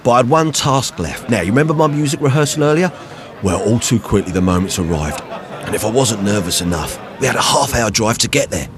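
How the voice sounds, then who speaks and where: A man's voice: medium pitch, lively intonation, brisk, a crowd in the background. A man narrating a TV documentary in a breezy, conversational way. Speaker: TV documentary presenter.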